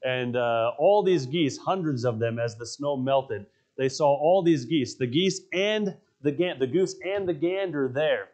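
Emphatic preaching man, slightly high voice. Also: expressive, measured pace, few pauses, darkish tone. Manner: emphatic storytelling, repeats key phrases. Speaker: pastor. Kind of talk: sermon. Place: church sanctuary.

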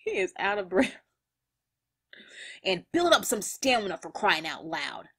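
Bright-voiced woman reacting to manga. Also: medium pitch, a little slow, husky. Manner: animated, slangy, laughs often. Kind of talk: reading manga aloud with reactions.

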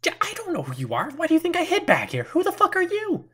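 A man voicing a jumpy, foul-mouthed woman who hides with a knife and fires off shrill, panicky questions. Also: lively intonation, a little fast, close to an everyday voice. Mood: alarmed.

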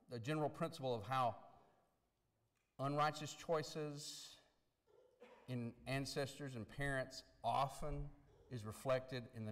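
A man's voice: mid-range voice, a bit bright. Male preacher, mid-range voice, earnest and emphatic, reverberant church hall. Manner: earnest, emphatic, with frequent restarts and rising stress on key words. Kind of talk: sermon. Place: church sanctuary.

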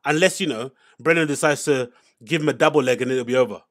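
A man's voice: medium pitch, quick pace. A man hosting a casual commentary, reacting to podcast clips in an exasperated, sarcastic rant.

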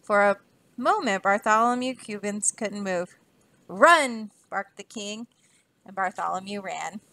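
A woman, a teacher, reading a children's storybook aloud with lively expression. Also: mid-range voice, normal speed, vocal fry.

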